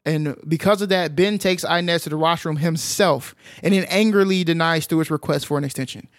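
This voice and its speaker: Animated man recapping a film, dry sound. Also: a little high, fairly quick, dry recording. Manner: animated storyteller with many filler sounds. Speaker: podcast co-host recapping a film. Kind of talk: casual film recap chat.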